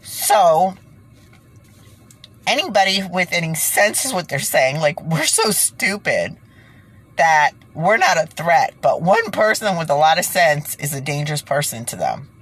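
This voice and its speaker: A woman's voice: deep voice, sing-song, normal speed, a bit bright. A woman ranting in online commentary and reading passages aloud, stumbling and restarting, foggy from being sick.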